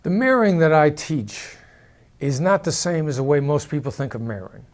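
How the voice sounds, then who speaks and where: A former hostage negotiator giving a measured, explanatory talk to the camera and demonstrating vocal inflections as he goes. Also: on the high side, lively intonation.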